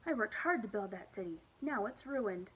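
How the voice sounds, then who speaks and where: A woman's voice: medium pitch, lively intonation, moderate pace, a bit bright, slight background noise, natural voice. A woman voicing an upset young child who names their feelings, with slightly raised, childlike emphasis.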